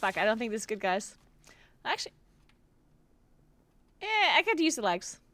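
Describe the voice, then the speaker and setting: A woman's voice: on the high side, sing-song, moderate pace, bright, forceful tone. A young woman from Tyrol, chatting casually on a game stream, full of fillers and swearing. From South Tyrol. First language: German dialect. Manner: chatty, many "like" fillers, swears, laughs often. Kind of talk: casual live-stream chat while gaming.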